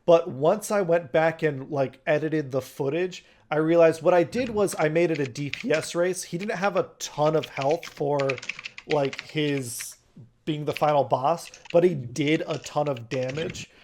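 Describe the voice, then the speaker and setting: A man's voice: a little high, a little slow, darkish tone, slight background noise. A man hosting a group chat as dungeon master, reading out listener questions and rambling through his answers. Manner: rambling, restarts, reads out questions.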